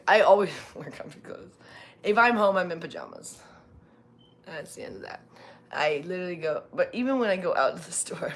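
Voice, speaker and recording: A woman's voice: fairly low pitch, gravelly, slight background noise. A woman from California chatting casually on a live stream, rambling with many fillers and restarts. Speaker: livestream host.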